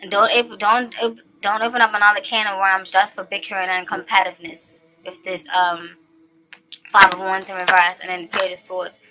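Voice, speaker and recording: A woman giving a casual tarot reading to her viewers. She is chatty and animated, often checks in with "okay?", and slows down to stress her points. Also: mid-range voice, a little hiss or hum. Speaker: tarot reader.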